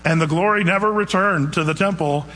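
A man's voice: high-pitched, brisk, bright, forceful tone, in a large hall, poor audio. A man preaching a casual, conversational sermon, retelling scripture in everyday speech and asking the congregation questions. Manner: conversational, acts out quotes in casual modern speech. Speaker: pastor.

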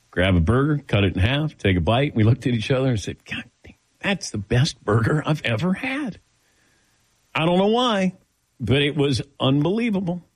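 A man hosting a talk show, telling stories in a casual, animated way and acting out the dialogue. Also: lowish voice, dry recording. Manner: animated storyteller, acts out dialogue with laughs. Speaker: radio show host.

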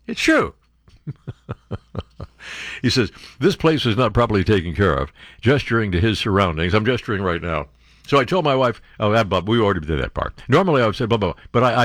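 A man hosting a talk radio show, reading the news and tearing into it with sarcastic, disbelieving asides. His pitch swings widely as he rants. The sound is dry and close. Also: no room sound. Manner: sarcastic, animated commentary with mock-incredulous outbursts. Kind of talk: reading and mocking news on air.

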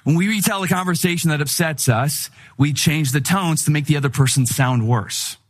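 A middle-aged man preaching a sermon in a conversational, humorous style, telling animated stories. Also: on the high side, normal speed. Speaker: pastor.

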